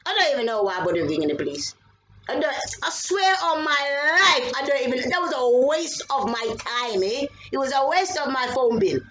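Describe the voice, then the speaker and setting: A middle-aged woman with a British accent, telling a personal story in a lively way, swearing and breaking into shouts. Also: high voice, normal speed, rough recording. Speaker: vlogger.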